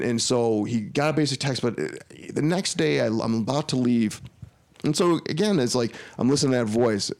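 A man's voice: mid-range voice, creaky, a little mellow. A man, a podcast guest, telling a long personal story in casual talk, full of restarts and quoted dialogue. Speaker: interview guest.

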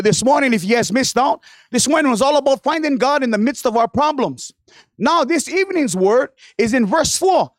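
A man's voice: very high-pitched, lively intonation, normal speed, no echo, studio quality. A man preaching a sermon in a church as a guest speaker, playful with joking asides and frequent hallelujahs, losing his voice.

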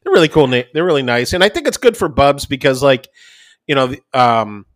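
Animated man telling a family story. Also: medium pitch, a little fast, no room sound, clean studio sound. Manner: animated storyteller, acts out kids' voices. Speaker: podcast co-host. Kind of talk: casual chat.

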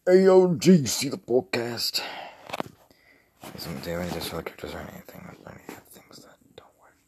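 A man's voice: low voice, lively intonation, a little fast, in a whisper. A young man rambling casually and profanely on a livestream, with mumbled asides. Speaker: streamer.

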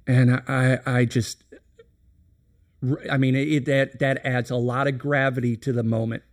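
A man's voice: mid-range voice, level tone, normal speed. A middle-aged man talking candidly on a business podcast, telling a reflective, earnest story with many restarts. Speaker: company president, podcast guest.

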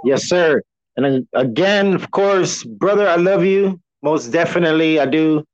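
Male podcast host, relaxed rambling monologue, heavy cussing, muffled lo-fi recording. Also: fairly high pitch, a little slow, faint music behind. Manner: relaxed, rambling, cusses a lot. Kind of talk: casual solo podcast talk. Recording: dull lo-fi sound.

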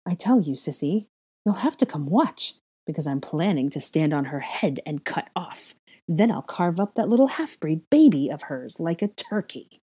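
A woman's voice: big pitch swings, normal speed, mellow, breathy edge, exaggerated voice. A woman voicing a gleeful, bloodthirsty witch who giggles and spits her words, in a storybook reading. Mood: vicious. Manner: shrill, giggling, spiteful.

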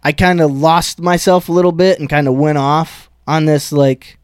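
A man's voice: on the high side, steady tone, normal speed, darkish tone, smooth, no room sound, studio quality. A man, a stand-up comedian, telling a rambling, profane story in casual chat.

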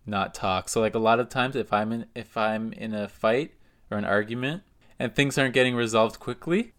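A man's voice: lowish voice, normal speed, a bit bright. A man co-hosting a podcast, explaining his view in a laid-back, reasoned way. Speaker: podcast co-host. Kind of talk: casual podcast chat.

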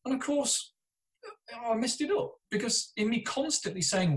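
A man's voice: very high-pitched, expressive, moderate pace, poor audio. A middle-aged British man, a therapist and podcaster, telling candid self-deprecating stories in an interview. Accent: British English. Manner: chatty, self-deprecating storyteller with frequent restarts.

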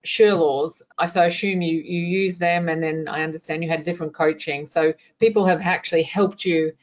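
Interviewer, mid pitch, chatty, muffled lo-fi sound. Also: fairly even intonation, normal speed. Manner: chatty, thinks aloud with "um". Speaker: interviewer, accountant and coach. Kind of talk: conversational interview.

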